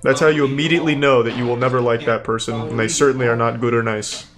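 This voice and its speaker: A man's voice: medium pitch, flat delivery, quick pace, over music. A man commenting on courtroom videos in a blunt, sarcastic style, swearing often. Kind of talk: profane reaction commentary.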